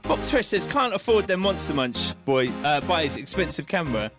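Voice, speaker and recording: A man's voice: high-pitched, very animated, unhurried, over music. Chatty man. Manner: reads out chat messages, chatty, slangy. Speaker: music producer streaming live. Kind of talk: casual live-stream chat.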